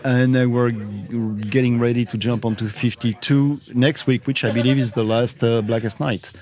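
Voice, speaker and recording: A man who inks comics, chatting on a podcast in a halting way, full of "uh"s and restarts. His voice sits at a middle pitch, and he laughs easily between lines. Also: fairly even intonation, darkish tone. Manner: hesitant, many fillers and restarts, laughs easily. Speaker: comic book inker. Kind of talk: casual chat.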